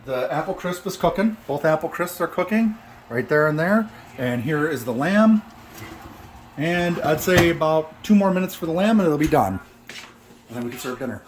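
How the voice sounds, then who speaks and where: A man's voice: a little high, animated, normal speed, a little hiss or hum. Brash joking man in a home kitchen. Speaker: home cook vlogger. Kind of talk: casual cooking vlog.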